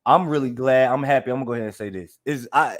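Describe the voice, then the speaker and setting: Male podcast host, mid-pitched, easygoing and rambling, addresses listeners directly. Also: fast. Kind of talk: casual podcast chat.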